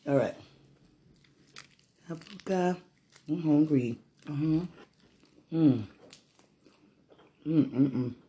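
A man chatting affectionately at home while eating, soft-spoken and often murmuring, in a casual intimate vlog. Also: on the high side, drawn-out words, long pauses, slightly rough.

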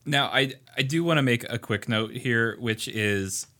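A man's voice: medium pitch, measured pace, bright, forceful tone. A man co-hosting a casual podcast who reads passages aloud and explains them steadily. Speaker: podcast co-host.

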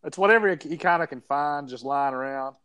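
A man's voice: a little high, fairly quick, a bit bright, clean tone. Laid-back young man chatting. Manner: laughing, joking storyteller. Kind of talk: casual chat.

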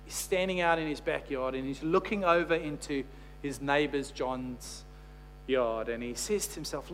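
A man preaches a sermon in a fairly high voice, moving from storytelling to emphatic, repeated phrases. His words ring out with a long reverb in a large hall, over a faint electrical hum. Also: moderate pace, fairly bright tone.

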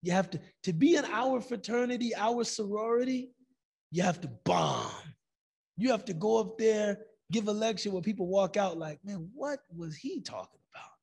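High-voiced male lecturer, gravelly and husky, animated storyteller. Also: normal speed. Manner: animated storytelling, acts out quotes. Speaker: Islamic lecturer. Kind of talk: lecture with stories.

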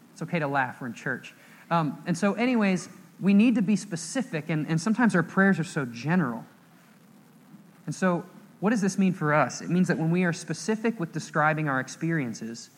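Young man, sermon in church, fairly high voice, animated storytelling. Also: moderate pace, big-room sound. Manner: animated storytelling, acting out quoted scenes with raised voice. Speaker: pastor.

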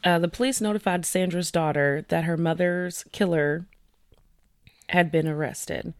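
A woman's voice: on the low side, fairly even intonation, measured pace. A woman co-hosts a casual true-crime podcast. She relays news stories from her research in a loose, conversational way, leaning on fillers. The sound is dry and close, with little room echo. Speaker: podcast co-host.

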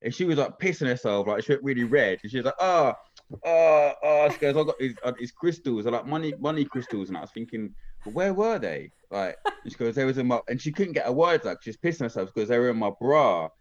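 A man's voice: mid-range voice, expressive, fast talker, few pauses, highs cut off. A man chatting casually, swearing freely and often asking whether he is understood. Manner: chatty, swears freely, keeps asking "do you know what I mean". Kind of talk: casual chat.

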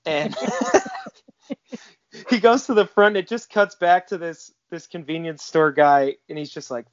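A young man co-hosting a casual film discussion podcast, chatty and quick to laugh while retelling scenes. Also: fairly high pitch, wildly swooping pitch, dry recording, dull audio. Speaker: podcast co-host.

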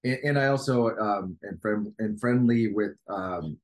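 A man's voice: fairly low pitch, unhurried. A middle-aged man co-hosting a podcast in casual chat, rambling with many stammered restarts. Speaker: podcast co-host.

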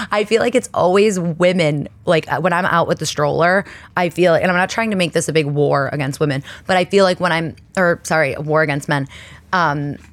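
A woman hosting her own show, chatting casually and rambling with lots of fillers and laughs. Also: sits low. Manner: laughs often mid-sentence. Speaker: podcast host. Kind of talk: casual solo chat. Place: indoor studio under lights.

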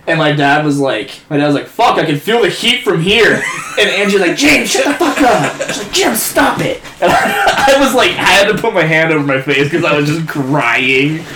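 A man's voice: on the high side, moderate pace. A young man in casual chat, telling rowdy, laughing stories full of swearing. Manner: laughing, swearing storyteller who acts out his dad loudly. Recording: echoey room, faint noise.

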